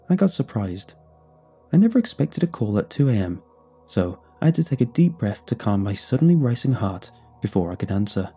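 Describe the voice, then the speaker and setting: A man narrating a first-person horror story in a measured storytelling manner. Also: on the low side, mellow, breathy edge. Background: faint music.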